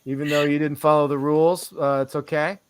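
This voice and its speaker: An over-caffeinated livestream host swears nonstop and jumps from one thought to the next in casual, rambling talk. His fairly high voice moves fairly quickly but sounds flat.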